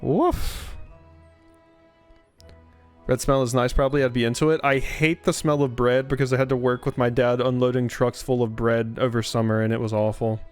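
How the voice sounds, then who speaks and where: A man's voice: mid-range voice, flat delivery, fast, few pauses, smooth, faint music behind. A man streaming a game live, chatting casually, reading lines of game dialogue aloud and swearing freely. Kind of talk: live gameplay commentary.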